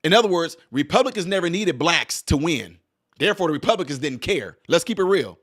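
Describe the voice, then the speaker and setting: Animated man preaching rhetorical questions. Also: on the high side, brisk. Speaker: political commentator. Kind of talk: animated monologue.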